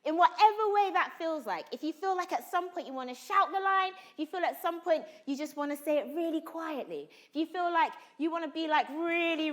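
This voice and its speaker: A woman actor leading a drama workshop, coaching students and calling out questions to a room full of people. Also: high voice. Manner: animated, calls out to the room, asks questions. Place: large room with a live audience.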